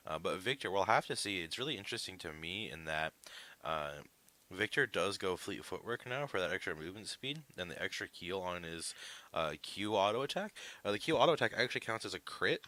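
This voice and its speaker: A man's voice: sits low, pushed and bright. A man giving live esports analysis, explaining picks at length with frequent "uh" fillers. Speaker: esports caster.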